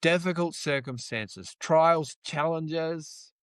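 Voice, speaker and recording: A man's voice: mid-range voice, a little slow, a bit bright, no room sound. A middle-aged man from New Zealand with a New Zealand accent, giving an earnest, reflective motivational talk on a live stream, with the odd casual swear. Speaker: livestream host.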